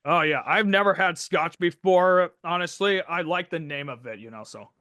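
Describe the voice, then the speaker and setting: A man's voice: on the high side, moderate pace, bright, forceful tone, dry recording, studio quality. A young man hosting a casual podcast, brash and joking, swearing constantly. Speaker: podcast host. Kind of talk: casual profane podcast chat.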